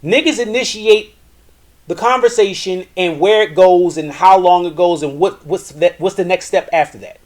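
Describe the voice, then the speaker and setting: A man's voice: high voice, normal speed, a little mellow. A man hosting a live show from a porch, giving blunt, profane relationship commentary. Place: porch, outdoors.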